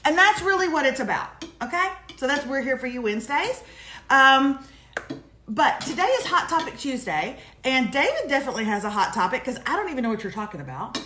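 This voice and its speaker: A woman's voice: sits high, very animated, brisk, sharp tone. A woman co-hosting a casual morning show, joking and telling stories in a chatty, teasing way. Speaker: co-host of a morning livestream. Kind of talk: casual chat. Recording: roomy echo with faint noise.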